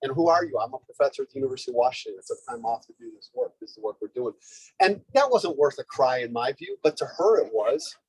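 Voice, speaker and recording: A man giving a lively, conversational speech to a live audience at a community organizing event, often checking in with "okay?" and "right?". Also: medium pitch, fast, breathy edge, no room sound, poor audio. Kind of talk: energetic storytelling speech.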